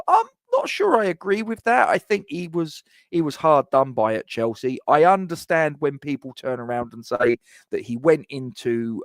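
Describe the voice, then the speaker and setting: A man's voice: mid-range voice, dry recording. A man hosting a fan live stream, chatting casually in rambling sentences with frequent restarts and asides. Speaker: fan channel host.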